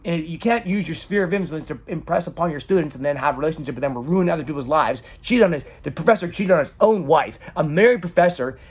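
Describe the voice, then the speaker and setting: A man's voice: a little high, fast, hardly any pauses, slightly rough. A man in an emotional personal monologue, talking dramatically and swearing often. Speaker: vlogger.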